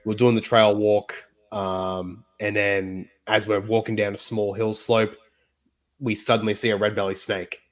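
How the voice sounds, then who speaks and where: An Australian-accented man joins a video call as a guest in a casual interview chat, telling stories in a chatty, rambling way filled with fillers. His voice is fairly low, flat in delivery and a little slow.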